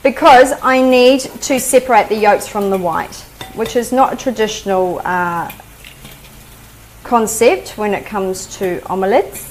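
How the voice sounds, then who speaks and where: A woman's voice: medium pitch, unhurried, a little hiss or hum, low-quality recording. A woman with a New Zealand accent hosting a live cooking demonstration, chatting homely as she explains each step. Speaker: cooking show host.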